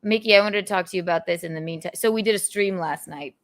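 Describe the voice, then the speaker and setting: A woman's voice: lowish voice, fast. A young adult woman hosting a podcast, chatting casually and rambling with lots of giggles. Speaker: podcast host. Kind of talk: casual chat.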